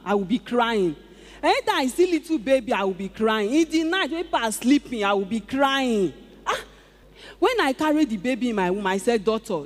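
A Nigerian woman giving an animated testimony to a church congregation, exclaiming and acting out conversations. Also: fairly high pitch. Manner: animated, exclaiming, acts out dialogue. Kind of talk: emotional testimony before a congregation. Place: large church auditorium. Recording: echoey large auditorium.

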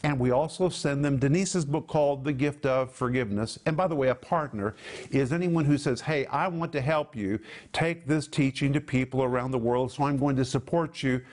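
A man hosting a televised Bible teaching, speaking emphatically and slowing down to stress key words. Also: medium pitch, a little mellow. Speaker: Bible teacher and program host.

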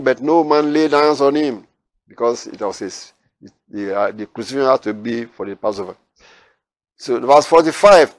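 Male Bible teacher, lilt, slightly raised pitch, patient explaining style. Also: creaky. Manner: explains with repeated phrases and everyday examples, reads scripture aloud louder.

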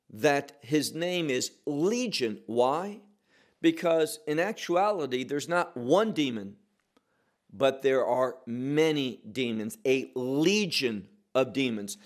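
A man teaching verse by verse from the Bible, emphatic and posing questions he then answers himself. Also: medium pitch. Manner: slow, emphatic, asks and answers his own questions.

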